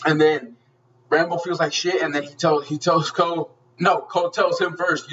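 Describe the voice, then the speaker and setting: A man's voice: fairly high pitch, steady tone, normal speed, fairly bright tone. Profane, gushing man, lo-fi distant mic. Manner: profane, gushing and rambling, full of restarts. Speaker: movie reviewer. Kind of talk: casual spoken film review.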